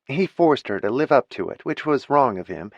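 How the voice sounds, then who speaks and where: A male narrator voicing a fair-minded grown daughter who speaks gently and evenly. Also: medium pitch, animated, dry recording, lo-fi sound, pitched above the performer's own voice. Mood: gentle. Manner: gentle, measured.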